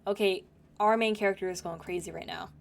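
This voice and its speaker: A woman's voice: mid-range voice, fairly even intonation, a little fast, creaky. A young woman commenting casually on a visual novel, with blunt, slangy reactions. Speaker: gaming commentator.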